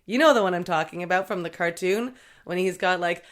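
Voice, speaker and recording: A woman opens her own podcast in a bubbly, chatty monologue. She jokes freely and pokes fun at herself. Her voice sits a little low for a woman. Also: fairly quick. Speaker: podcast host. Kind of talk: solo podcast intro monologue.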